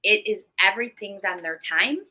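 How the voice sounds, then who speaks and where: A woman guest, a death doula, explaining her work in an earnest, gentle way. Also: mid-range voice, expressive, moderate pace, rough recording. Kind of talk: interview talk.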